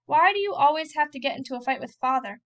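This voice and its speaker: A woman voicing a young farm boy who is nosy, pleading and quick to call things sins, as she reads a novel aloud. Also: high-pitched, lively intonation, a bit bright, dull audio. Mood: eager.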